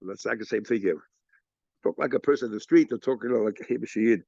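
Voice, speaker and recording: A man, a rabbi, teaching an informal Talmud lesson, explaining in quick stop-start bursts with many repeated words and restarts. He acts out the sages' exchanges in a raised, mocking pitch. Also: creaky, mellow, no room sound. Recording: dull, lo-fi lecture recording.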